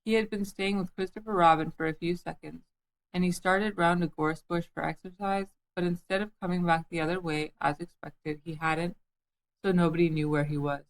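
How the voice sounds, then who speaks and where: A woman reading a children's book aloud in a gentle, amused way. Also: fairly low pitch, steady tone, normal speed, low-quality recording. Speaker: storybook reader.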